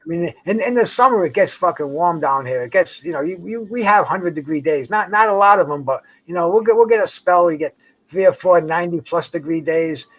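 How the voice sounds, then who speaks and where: A man's voice: high voice, animated, fairly quick, a bit bright. An older man in casual chat, rambling and profane, stumbling over restarts as he talks outdoors by a dock on the water. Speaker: host.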